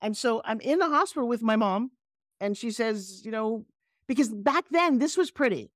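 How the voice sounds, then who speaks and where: Animated New York woman telling stories. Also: a little high, moderate pace, no echo, clean studio sound. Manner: animated, emphatic storyteller. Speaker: guest. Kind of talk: casual interview storytelling.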